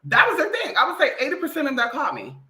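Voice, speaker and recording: A brash woman vlogger holding forth in a loud, swearing monologue, her pitch swinging up and down as she mimics people. Her voice is bright and sharp, and it rings around a roomy, echoing space. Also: rapid-fire. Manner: blunt, profane, animated, mimics others. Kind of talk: casual opinionated monologue.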